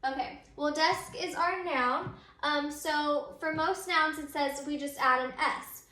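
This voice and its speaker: A woman's voice: high-pitched, slow pace, sharp tone, slight background noise. A woman teacher explaining grammar step by step, repeating her points with frequent ums. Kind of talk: recorded grammar lesson. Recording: echoey room.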